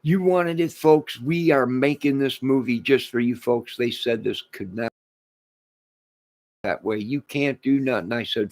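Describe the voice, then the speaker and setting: Speaking into the camera for his channel, a man rambles and rants, hammering the same points and veering from loud declarations to mumbled side remarks. His pitch is medium and his pace slightly slow.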